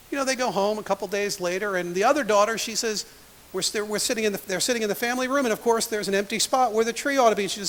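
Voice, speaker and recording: A man's voice: sits high, racing, a bit bright. A man preaching a sermon as pastor, telling a story and acting out its quotes. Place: church sanctuary. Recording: long church hall reverb.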